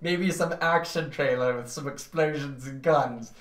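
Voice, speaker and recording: A man's voice: fairly high pitch, measured pace, reverberant. A young man co-hosting a casual podcast, joking around and laughing often. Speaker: podcast co-host. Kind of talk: casual chat. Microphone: desktop USB mic.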